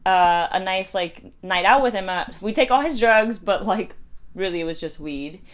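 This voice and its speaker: A woman's voice: mid-range voice, lively intonation, normal speed. Chatty young American woman telling a story. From United States. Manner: chatty, heavy use of "like", acts out quoted voices. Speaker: vlogger. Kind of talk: casual storytime. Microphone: phone.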